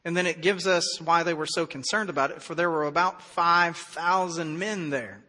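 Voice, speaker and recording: A man preaching a sermon as pastor, in a conversational, animated way with acted-out dialogue. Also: on the high side, normal speed, long reverb tail.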